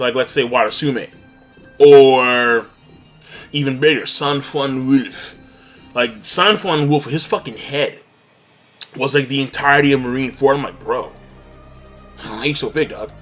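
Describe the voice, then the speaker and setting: A man's voice: medium pitch, normal speed, fairly bright tone, faint music behind. A man giving a casual, rambling recap of an anime episode, full of slang and filler words. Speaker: anime reviewer.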